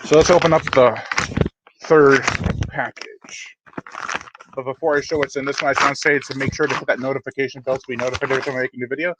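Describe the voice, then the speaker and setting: A man's voice: medium pitch, level tone, quick pace, very noisy. A man hosting a live unboxing stream in a casual, rambling, self-deprecating way, often restarting his sentences. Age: adult. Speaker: horror channel host.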